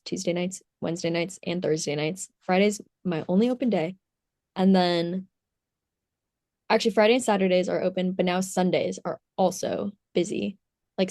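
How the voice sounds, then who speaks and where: A woman's voice: medium pitch, mellow, dry recording, studio quality. A young woman co-hosting a podcast, chatting in a bubbly way and laughing often. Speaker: podcast co-host, youth leader. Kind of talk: casual chat. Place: home, on a call.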